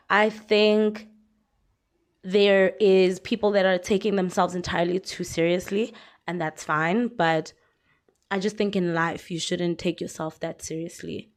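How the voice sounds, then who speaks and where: A woman's voice: on the low side, steady tone, unhurried. Chatty South African woman vlogger. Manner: chatty, frank, lots of fillers and laughs. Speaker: YouTuber commentator. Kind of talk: casual commentary vlog.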